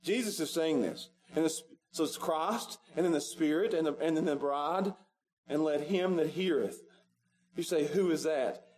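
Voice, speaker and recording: A male pastor preaching a sermon in a church sanctuary, repeating his pleas with passion and swinging from loud pleading to hushed. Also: a little high, moderate pace, rough recording.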